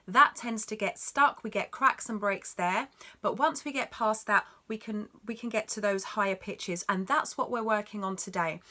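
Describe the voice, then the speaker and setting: A singing teacher with a sharp-toned, mid-range voice gives a vocal lesson, explaining technique in an encouraging, instructive way and demonstrating notes.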